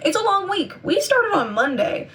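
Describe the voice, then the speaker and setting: A woman's voice: very high voice, very animated, normal speed, a bit bright, recorded from a distance. A woman in her twenties, chatty and upbeat, rambling to camera in a casual vlog, her voice a little worn. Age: 20s. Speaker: vlogger and convention seller.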